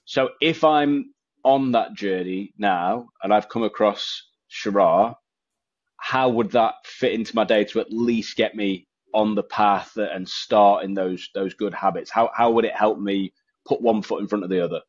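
A man's voice: lowish voice, a little slow, breathy edge, lo-fi sound. A man hosting a podcast, asking questions in an eager, upbeat way. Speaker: podcast host. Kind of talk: podcast interview.

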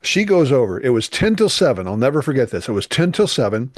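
A man's voice: medium pitch, big pitch swings, fast, no echo, clean studio sound. A middle-aged man, a youth minister, telling an emotional personal testimony in an earnest, emphatic way. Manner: earnest, emphatic, voice rising with feeling.

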